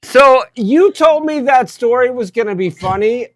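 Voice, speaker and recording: A man's voice: very high-pitched, animated, a little slow. A man co-hosting a casual podcast chat, playful and theatrical, talking into a lavalier mic. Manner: playful, theatrical, breaks into snatches of song. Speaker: co-host.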